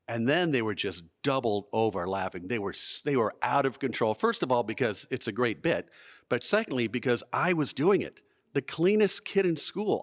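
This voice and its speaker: A man performing a comic personal story on stage at a live storytelling event, with animated delivery and comic timing. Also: on the high side. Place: museum event space, live audience.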